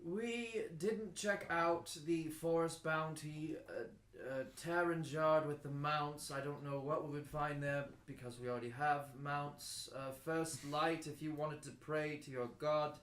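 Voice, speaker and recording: A man's voice: fairly high pitch, steady tone, unhurried, few pauses, a bit bright. A man playing a tabletop role-play game, talking casually and hesitantly, often trailing off. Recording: roomy echo.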